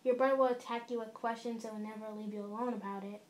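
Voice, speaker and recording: A woman's voice: a little high, fairly even intonation, fast talker, a little mellow, slight background noise. A young woman casually narrating a second-person fan-fiction story, with a few slips. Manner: casual, informal reading with small slips.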